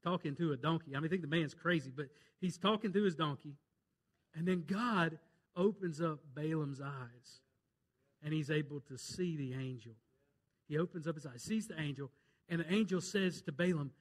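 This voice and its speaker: A Southern preacher from Mississippi retelling a Bible story from the pulpit. His voice sits high for a man and rises and drops in volume with each turn. Folksy, country-plain storytelling. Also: normal speed. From Mississippi, USA. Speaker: pastor. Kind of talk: sermon.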